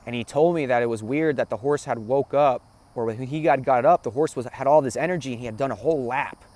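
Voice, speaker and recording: Speaking fast in a medium-pitched, slightly mellow voice, this man hosts a spiritual talk. He shares a personal story with earnest emotion, repeats phrases and keeps asking the listener "right?"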